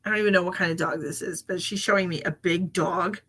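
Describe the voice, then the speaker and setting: A woman's voice: lowish voice, fairly even intonation, quick pace, a bit bright, husky. A woman giving live psychic readings as a medium, chatting casually, laughing often and dropping into whispered asides.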